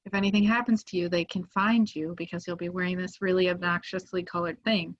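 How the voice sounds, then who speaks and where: A young woman telling a story as a podcast guest in a casual, animated way, full of filler words. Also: on the low side, a little fast. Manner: animated, many "like" fillers, acts out quoted voices. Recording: muffled lo-fi audio.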